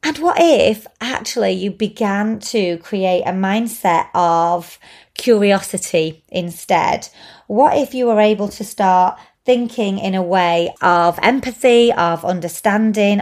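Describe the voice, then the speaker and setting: A woman with a voice of middling pitch talks in a gentle, reflective way, as if speaking straight to the listener. She leans on repeated words to make her points land. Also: slow. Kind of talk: reflective talk to camera.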